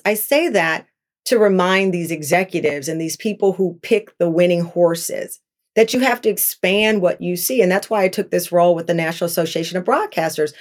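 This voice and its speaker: A woman in her fifties, a talk show host being interviewed, speaking candidly and animatedly, acting out past exchanges in a raised voice. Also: mid-range voice.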